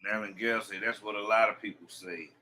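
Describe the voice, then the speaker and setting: Man, deep pitch, sharp edgy tone, casual co-host chat, short remarks. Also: fairly even intonation, brisk, slight background noise, poor audio.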